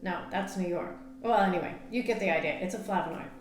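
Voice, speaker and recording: A woman's voice: on the low side, quick pace, reverberant. A woman nutrition coach giving casual on-camera health advice, chatty, with many fillers and laughs at herself. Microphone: camera mic.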